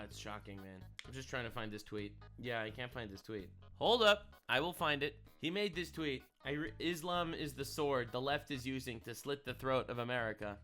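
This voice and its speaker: Sarcastic, bright-voiced male commentator. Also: mid-range voice. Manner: sarcastic and indignant, repeats phrases. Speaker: online commentator. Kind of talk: casual reaction commentary.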